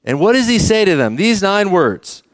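A middle-aged man preaching a sermon as pastor, conversational and animated, often asking the congregation questions. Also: high-pitched, normal speed, no echo, clean studio sound.

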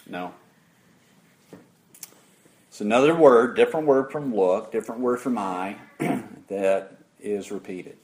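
A man preaching an interactive sermon, putting questions to the congregation in an emphatic, deliberate way. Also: on the low side, a little mellow.

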